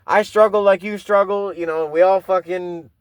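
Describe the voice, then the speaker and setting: A high-voiced man rambles through a profane, casual podcast monologue, starting over and circling back as he talks. The recording is close and dry, with no room sound around him. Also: steady tone, normal speed, clean tone, no echo. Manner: rambling, profane storytelling with restarts. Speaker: podcast host.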